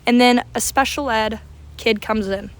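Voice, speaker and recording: A woman's voice: a little high, fairly even intonation, measured pace, no echo. A young adult woman vlogger telling a story to camera in a casual, dramatic way, swearing freely.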